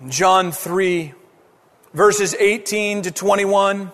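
A male pastor preaching an impassioned sermon, swinging from raised emphatic lines down to hushed, quiet ones. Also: high voice, takes it slowly, big-room sound. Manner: impassioned preaching with sweeping rises and hushed drops.

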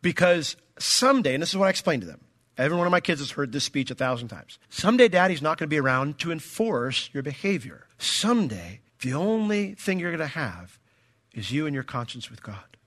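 A man preaching a sermon as pastor, emphatic and animated, acting out quoted voices. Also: on the high side, a little fast.

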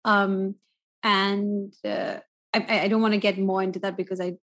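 A woman co-hosting a podcast in casual chat, candid and quick to laugh. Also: mid-range voice, flat delivery, a bit bright. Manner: chatty, laughs easily, candid. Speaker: podcast co-host.

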